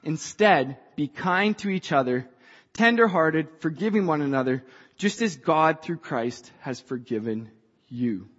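A woman preaching a sermon to a church, passionate and rising to shouts. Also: low voice, expressive, measured pace, husky. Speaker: church speaker. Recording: dull sound in a reverberant hall.

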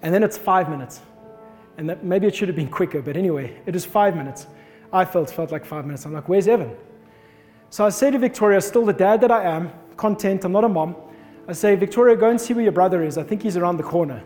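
A man in his thirties preaching a sermon, telling a personal story with animated delivery and acting out his own shouts. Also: high-pitched. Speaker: pastor. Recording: long reverb of a hall, faint music behind.

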